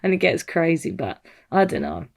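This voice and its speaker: A woman's voice: fairly low pitch, normal speed, creaky, a crowd in the background. A young woman co-hosting a casual podcast chat, giggly and rambling, often losing her thread. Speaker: podcast co-host.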